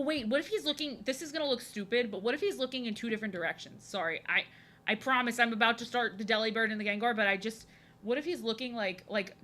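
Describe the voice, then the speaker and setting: A young woman chatting casually on a live stream while she draws, rambling and thinking aloud in an excitable way. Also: mid-range voice, a little hiss or hum.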